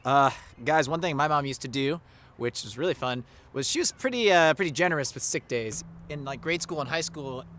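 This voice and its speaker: A man's voice: a little high, brisk, a bit bright. A man telling a funny story about his mom in casual chat, laughing as he goes. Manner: laughing, joking. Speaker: band member. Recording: outdoor street noise.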